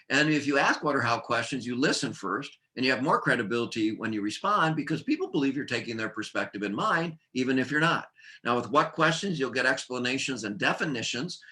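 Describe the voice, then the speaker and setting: A man presenting a workplace training seminar, talking in a lively, joking way and punching out short lists of points. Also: mid-range voice. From United States.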